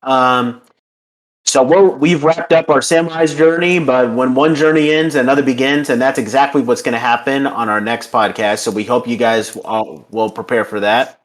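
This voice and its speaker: A man's voice: medium pitch, fairly even intonation, normal speed. Man hosting, many ums and uhs. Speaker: podcast host. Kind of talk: casual podcast chat and wrap-up.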